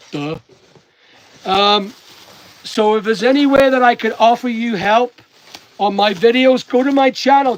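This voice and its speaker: A man from Northern Ireland with a half English, half Northern Irish accent, chatting casually and motivationally while packing orders. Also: high voice. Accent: mixed English and Northern Irish. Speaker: online seller and vlogger.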